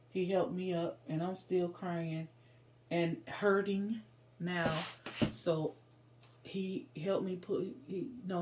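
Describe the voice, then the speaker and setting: A woman shares a painful personal story in plain, informal language, her speech raw and emotional and breaking into loud outbursts as she relives the worst parts. Her voice is on the low side, with slight background noise.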